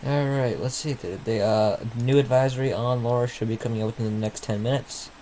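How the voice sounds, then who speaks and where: A man's voice: mid-range voice, steady tone, fairly quick, dark tone, a little hiss or hum, poor audio. Rambling man hosting a sleepy live stream. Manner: rambling, distracted, muttering to himself. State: sleepy, yawning. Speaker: livestream host. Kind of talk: casual live commentary.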